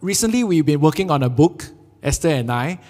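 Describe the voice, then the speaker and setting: A man preaching a sermon with a Singaporean English accent, telling jokey, animated stories and acting out quotes. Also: a little high, brisk, long reverb tail. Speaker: pastor. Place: church sanctuary.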